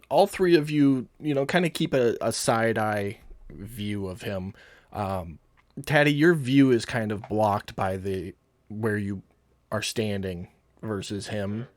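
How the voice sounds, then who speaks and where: Low-voiced game master narrating. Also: male voice, slow, long pauses, dry recording. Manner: relaxed, rambling narration.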